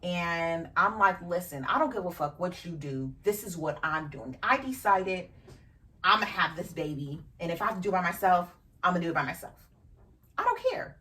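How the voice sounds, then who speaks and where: A woman's voice: fairly low pitch, moderate pace, sharp tone. A woman hosting a podcast, telling a personal story frankly and emotionally, with casual swearing. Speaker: podcast host. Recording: distant from the mic.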